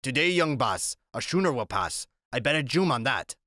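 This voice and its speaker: A man voicing a calm, protective old West Indian seaman in an audiobook reading. He speaks in a gentle, steady dialect. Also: mid-range voice, normal speed, no room sound, clean studio sound.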